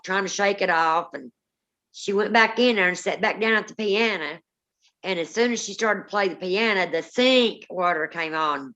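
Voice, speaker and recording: A woman's voice: fairly low pitch, fairly bright tone, dull audio. A woman, co-hosting a paranormal live stream, telling rambling family stories with many restarts. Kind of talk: casual live-stream storytelling.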